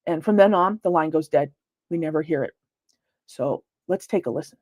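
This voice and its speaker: Lower-voiced woman giving a talk. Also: normal speed, a little mellow. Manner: conversational, with frequent fillers and restarts. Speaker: paranormal investigator giving a library lecture. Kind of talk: presentation lecture.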